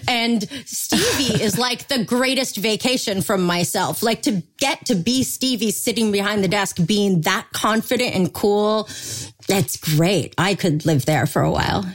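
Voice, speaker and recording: A woman's voice: medium pitch, measured pace. A woman actor as a podcast guest, chatting casually in a candid, self-deprecating way. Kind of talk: casual interview chat.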